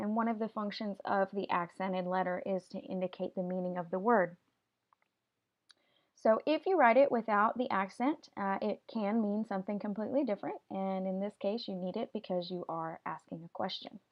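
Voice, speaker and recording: A woman's voice: medium pitch, muffled recording. A woman teaching a Spanish vocabulary lesson, patiently explaining each word step by step and having students repeat after her. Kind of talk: classroom video lesson.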